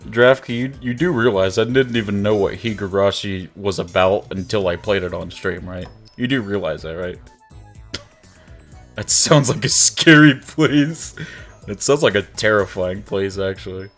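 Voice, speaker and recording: A young man streaming a game playthrough, reading the on-screen text aloud in a relaxed, chatty way and laughing often. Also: sits low, normal speed, few pauses. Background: game music.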